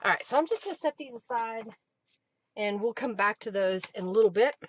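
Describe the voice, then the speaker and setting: A woman's voice: a little high, lively intonation, a little fast, background noise. Chatty woman hosting a crafting stream. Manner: chatty, thinks aloud while working. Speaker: crafting live-stream host. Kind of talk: casual crafting demonstration.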